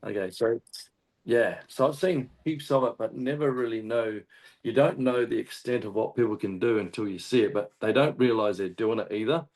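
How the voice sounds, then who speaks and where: A man with an Australian accent, a hunting guest telling a story in casual chat, animated and swearing often. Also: medium pitch, normal speed. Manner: animated, swears often, acts out shouted quotes. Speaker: guest hunter.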